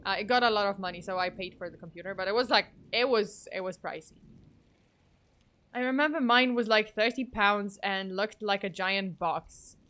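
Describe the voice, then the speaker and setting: A woman's voice: mid-range voice, moderate pace, sharp tone. A woman in her thirties from Poland chatting casually on a livestream, rambling, swearing and laughing often. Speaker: streamer.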